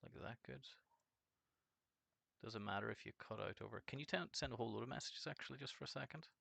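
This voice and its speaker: A man chatting casually on a live game stream, rambling and swearing, his voice jumping from deep to screechy when excited. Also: quick pace, gravelly, slightly rough, no echo.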